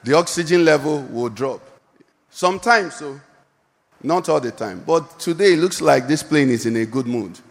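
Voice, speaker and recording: A man's voice: on the high side, lively intonation, moderate pace, vocal fry, long reverb tail. A male pastor preaching a sermon and calling out questions for the congregation to answer. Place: church hall.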